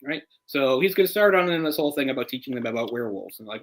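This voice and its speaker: A man co-hosting a casual live movie commentary, chatty and opinionated, getting heated and animated as he picks apart the adaptation. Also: mid-range voice, racing, few pauses, rough recording. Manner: opinionated, gets heated and animated when ranting; chatty, full of "like" and restarts. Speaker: film commentary co-host.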